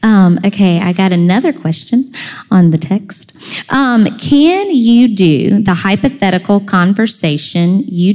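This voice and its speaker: A woman's voice: on the low side, a little mellow. Hesitant woman asking questions, reverberant. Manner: hesitant, searching for words. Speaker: interviewer. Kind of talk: conversational interview questions.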